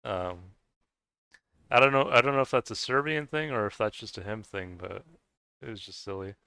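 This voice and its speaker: With a low-leaning voice at normal speed, the man's tone comes across as sharp, clear and resonant, and there's no room sound. He rambles casually to viewers while gaming, with many fillers and restarts and frequent chuckles between remarks.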